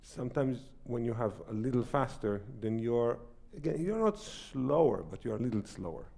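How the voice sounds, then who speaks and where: A man's voice: medium pitch, lively intonation, moderate pace, gravelly, mellow. A man teaching a piano masterclass, singing rhythms with syllables as he coaches. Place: recital salon.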